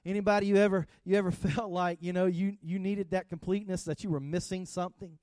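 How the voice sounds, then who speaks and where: A man preaching in a relaxed, conversational way. His voice sits a bit high for a man and is recorded dry and close, with no room sound. He lifts his voice when he calls out to the congregation. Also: quick pace, dry recording. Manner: conversational, rises in pitch and energy when engaging the congregation. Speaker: pastor. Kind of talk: sermon.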